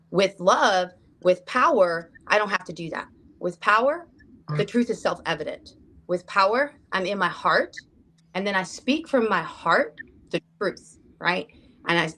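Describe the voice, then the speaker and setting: Earnest woman panel speaker, low-pitched, addressing a group in a room. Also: fairly bright tone. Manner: earnest, repeats "right?" to check in.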